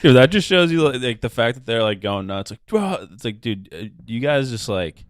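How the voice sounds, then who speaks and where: A man's voice: mid-range voice, brisk, clear, resonant tone, dry recording, studio quality. A man co-hosting a comedy podcast, reacting laid-back with laughs and casual swearing. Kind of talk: casual banter.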